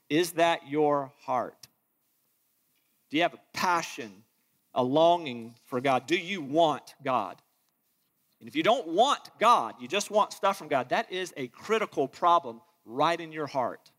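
High-voiced preacher in an echoing hall. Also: male voice, lively intonation, measured pace, fairly bright tone. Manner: impassioned, reads scripture aloud, acts out quoted voices. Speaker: pastor. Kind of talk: sermon. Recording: long reverb of a large hall.

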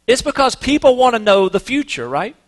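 Male pastor, high voice, relaxed storytelling sermon, big reverberant sanctuary. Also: fairly quick. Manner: conversational storytelling with fillers and restarts.

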